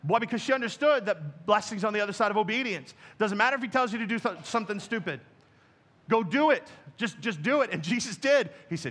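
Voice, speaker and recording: Man, pastor, high voice, conversational sermon, speaks straight to the congregation. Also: lively intonation, fast, a bit bright. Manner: conversational preaching, addresses the congregation directly. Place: church.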